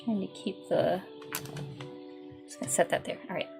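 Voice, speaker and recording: A woman's voice: lowish voice, moderate pace, gravelly, over music. A woman streamer chatting casually in a rambling, filler-heavy way while she paints.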